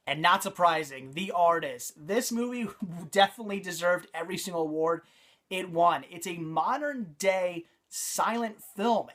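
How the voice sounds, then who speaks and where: A man's voice: high voice, fairly bright tone. A man giving a casual, enthusiastic movie review, talking off the cuff with frequent restarts and repeated praise.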